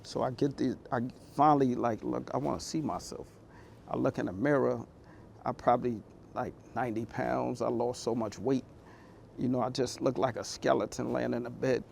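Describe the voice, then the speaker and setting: A man's voice: mid-range voice, steady tone, moderate pace, vocal fry, darkish tone, slight background noise. A man giving a motivational talk, telling his personal story in a candid, conversational, heartfelt way. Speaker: motivational speaker.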